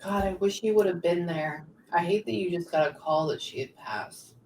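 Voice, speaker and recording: A woman working as a psychic medium, relaying messages in quick bursts and often pausing to say "hang on" during a live reading session. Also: lowish voice, a little mellow. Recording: echoey room, distant mic, faint background noise.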